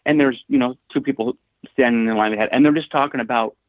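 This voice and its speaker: A man's voice: medium pitch, fast, no room sound. A thoughtful, hesitant man on a podcast who keeps restarting his sentences as he works toward his point. His voice comes through a thin, phone-like line with dry, close sound. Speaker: podcast co-host. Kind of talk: casual chat.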